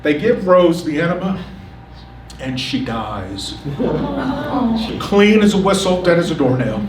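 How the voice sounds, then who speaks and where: A man telling a comic personal story on stage and acting out the quotes with lively energy. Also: high voice, a little fast, a crowd in the background. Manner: animated, comic, acts out the quotes. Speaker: storyteller at a community story event. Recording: echoey room, picked up from a distance.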